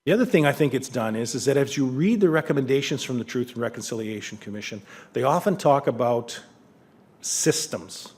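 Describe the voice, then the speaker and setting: A middle-aged man speaks to a lecture audience in an earnest, conversational tone at an ordinary male pitch. He talks frankly and mixes reflection with storytelling. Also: expressive, fairly quick, a little mellow. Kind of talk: public lecture with anecdotes.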